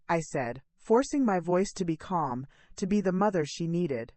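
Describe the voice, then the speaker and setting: A middle-aged woman reading a dramatic first-person story in a measured, earnest, emotional way. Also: fairly low pitch, expressive, a little mellow, no room sound.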